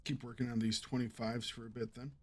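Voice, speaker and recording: A man's voice: medium pitch, a little fast. Man muttering over gameplay. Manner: relaxed, muttering to himself while playing. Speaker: gaming streamer. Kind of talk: casual gameplay commentary.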